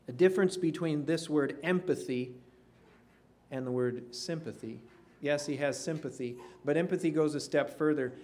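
A man preaching a sermon in an earnest way, sinking to a hush on key phrases. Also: on the high side, normal speed. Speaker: pastor.

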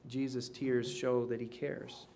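A man preaching a sermon in an earnest way, sinking to a hush on key phrases. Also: mid-range voice, level tone, measured pace, gravelly, slight background noise. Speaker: pastor.

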